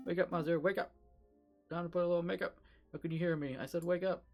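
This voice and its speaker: A worried young friend pleads urgently, pitched noticeably higher, as a man puts him on. Faint game music plays behind. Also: fairly even intonation, fast, vocal fry, a little mellow.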